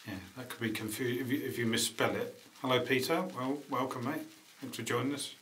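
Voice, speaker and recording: A male vlogger on a live stream chats casually and rambles, greeting viewers between tasks with lots of ums and uhs. His voice is medium-pitched, fairly even, brisk and slightly bright, with light background noise.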